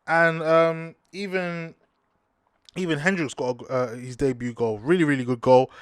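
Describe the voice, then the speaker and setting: A young man, hosting a casual football talk show, slangy and animated, breaking into outraged high-pitched rants. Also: moderate pace, clear, resonant tone, dry recording, clean studio sound. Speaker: football podcast host. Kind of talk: casual sports talk monologue.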